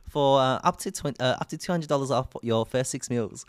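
Lively Australian man streaming. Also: mid-range voice, normal speed, no echo. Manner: rambling, self-correcting, frequent laughs. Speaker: streamer reading a sponsored ad. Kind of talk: casual live stream chat.

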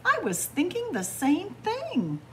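A woman voicing a blunt, excitable rabbit in a children's storybook reading, with a drawling, frank manner. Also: very high-pitched, slow, slight background noise, voice pushed up, exaggerated voice.

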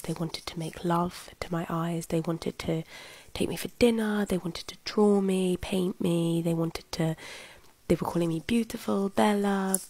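Woman, chatty vlog, gravelly fry, lowish voice. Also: warm tone. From United Kingdom. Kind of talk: casual vlog.

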